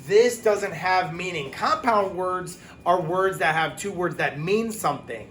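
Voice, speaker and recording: A man's voice: sits high, a bit bright, slight background noise. Chatty man teaching a phonics lesson. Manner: chatty, explains with quick asides and self-corrections.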